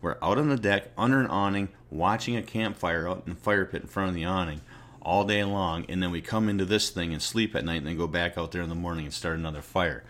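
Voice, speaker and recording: A man's voice: deep voice, fairly even intonation, fast, a bit bright. A middle-aged man at home, talking casually to the camera in a rambling, conversational way. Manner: rambling and conversational, often circles back on his point. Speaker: vlogger. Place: at his home.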